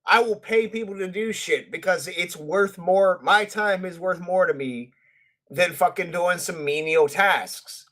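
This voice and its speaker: Fired-up dude venting on a podcast, highish voice, swears constantly. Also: male voice, a little slow, bright, forceful tone. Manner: ranting, heated, heavy swearing. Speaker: podcast co-host. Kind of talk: casual profane chat.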